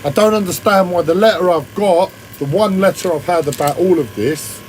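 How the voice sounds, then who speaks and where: Man, whiny voice, strained throat, rambling agitated rant, lots of swearing, a touch high. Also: normal speed, slight background noise, poor audio. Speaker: livestreamer. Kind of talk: ranting monologue.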